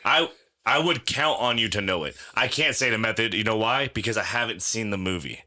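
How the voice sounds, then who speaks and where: A man's voice: lowish voice, a little fast, pushed and bright. A man co-hosting a casual podcast, hesitant and laughing, with many fillers. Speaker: podcast co-host.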